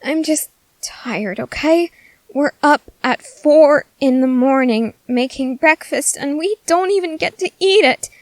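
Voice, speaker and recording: A woman's voice: high-pitched, measured pace, no echo. A woman voicing a food-obsessed teenage soldier girl in an ASMR audio drama, whiny and melodramatic. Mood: chatty. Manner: whiny, melodramatic, easily sidetracked.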